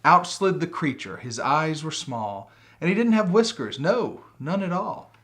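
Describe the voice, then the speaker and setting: A man reading a rhyming picture book aloud with a rhythmic, expressive delivery. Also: fairly high pitch, a little slow. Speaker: storybook reader.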